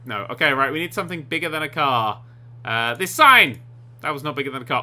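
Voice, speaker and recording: Young guy doing lets play commentary, giggly and sarcastic, super bright lively voice. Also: on the high side, a little fast. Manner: excitable, giggly, sarcastic asides. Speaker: gaming YouTuber.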